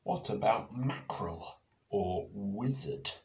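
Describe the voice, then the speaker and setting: A man voicing a cheerful, bossy young girl with a high, sing-song, coaxing voice. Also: lively intonation, slow pace, a little mellow. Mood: explaining. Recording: echoey room.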